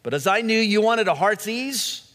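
A man voicing a small cheerful flower that speaks modestly and with quiet determination. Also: high voice, animated, moderate pace, voice pushed up. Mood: humble cheerful. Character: small cheerful humble flower, brave little bloom. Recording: long echoing hall reverb.

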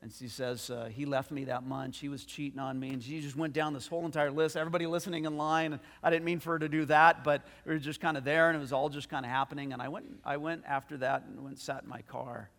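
A man pastor preaching a sermon, telling a story with animated delivery and frequent restarts. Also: fairly high pitch, fast talker, vocal fry, hardly any pauses, long reverb tail.

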